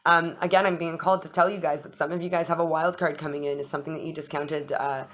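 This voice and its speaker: A woman's voice: deep voice, flat delivery, fast talker. A young woman hosting an astrology and tarot chat, talking casually, swearing freely and acting out little dialogues. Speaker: astrology and tarot channel host.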